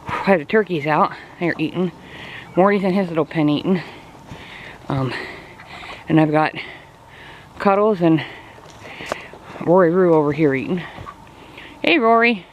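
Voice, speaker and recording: Chatty man on a farm, slightly high. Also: normal speed, long pauses, dull audio, a little hiss or hum. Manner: rambling and chatty, many fillers. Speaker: farm vlogger. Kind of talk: casual walk-around vlog. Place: outdoors on a farm in cold weather.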